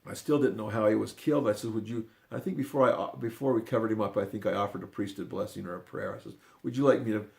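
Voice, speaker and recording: An older man telling a personal story in a rambling, unscripted way, often restarting his sentences and dropping into quiet asides. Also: lowish voice, gravelly. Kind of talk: casual spoken storytelling.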